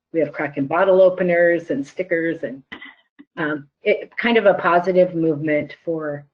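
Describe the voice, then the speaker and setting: A woman guest on a webinar, telling a story in a casual, self-deprecating way, with quick restarts. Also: sits low, dull audio. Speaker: senior spec writer, webinar guest.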